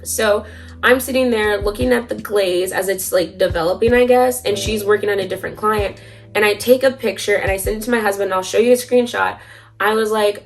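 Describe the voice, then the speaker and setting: Woman vlogging a storytime, kinda gravelly fry in her voice, swears a lot, faint music behind. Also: medium pitch, steady tone, fairly quick. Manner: chatty, swears freely, many fillers. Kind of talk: casual storytime.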